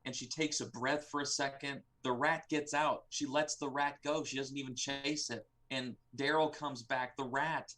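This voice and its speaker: A man's voice: mid-range voice, steady tone, normal speed, few pauses, bright, forceful tone. Guy co-hosting a show review, rants and swears a lot, sarcastic. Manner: ranting, profane, sarcastic. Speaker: co-host. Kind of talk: casual review chat.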